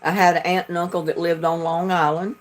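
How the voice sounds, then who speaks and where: A woman's voice: lowish voice, flat delivery, brisk. A woman from North Carolina with a Southern accent, chatting casually and telling rambling stories as she hosts a livestream. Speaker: livestream host.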